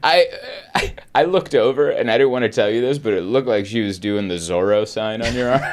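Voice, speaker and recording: A man's voice: brisk, few pauses. A man hosting a podcast, telling a story in casual chat and acting out the people in it. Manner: animated storyteller, acts out quotes with jumps in pitch. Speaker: podcast host and comedian.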